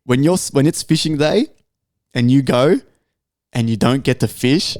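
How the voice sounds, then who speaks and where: A young man with an Australian accent tells a rambling story, swearing constantly and leaning on slang. His voice sits at an ordinary middle pitch. The recording is close and dry, with no room sound. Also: moderate pace, dry recording. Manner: profane, animated storytelling with heavy slang. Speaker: podcast co-host. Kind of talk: casual chat.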